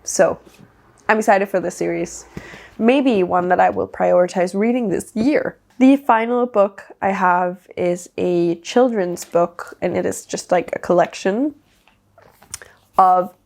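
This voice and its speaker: Give me a Danish-accented woman chatting loosely about books, with a gravelly edge to her voice. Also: fairly low pitch, measured pace, darkish tone. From Denmark. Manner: chatty, rambling, many "like" fillers. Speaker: book vlogger. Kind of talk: casual book haul chat.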